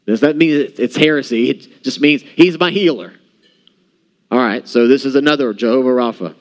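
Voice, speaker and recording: A man's voice: mid-range voice, moderate pace. A man preaching a sermon in a church, talking conversationally and often checking in with the congregation. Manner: conversational, asks the room questions. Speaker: pastor.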